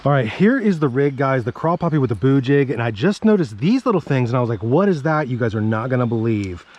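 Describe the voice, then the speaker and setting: A man fishing from a creek bank outdoors, giving excitable casual commentary and talking to himself and his viewers. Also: mid-range voice, fast, dull audio. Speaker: fishing vlogger.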